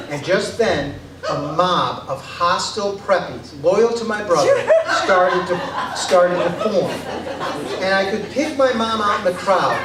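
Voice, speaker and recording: Guy with a high voice doing live comic storytelling, excitable, kinda far from the mic in a roomy space. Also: background noise. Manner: self-deprecating and excitable. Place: stage before a laughing audience. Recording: echoey live room from a distance.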